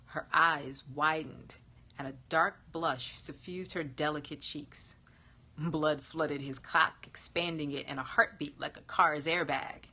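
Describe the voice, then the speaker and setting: A woman reading an erotic story aloud in a slow, sultry narration that sometimes drops to a whisper. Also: low voice, fairly even intonation, pushed and bright, breathy edge. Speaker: erotica reader. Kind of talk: scripted narration.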